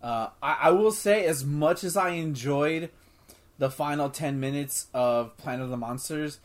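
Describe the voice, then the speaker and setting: Man, casual film review chat, rambling, excitable, swearing, restarts. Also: a little high, a little slow. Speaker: podcast host.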